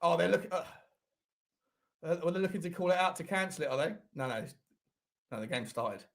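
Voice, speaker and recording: A man hosting a live football watchalong, excitable, shouting at players and swearing a lot. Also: a little high, brisk, gravelly.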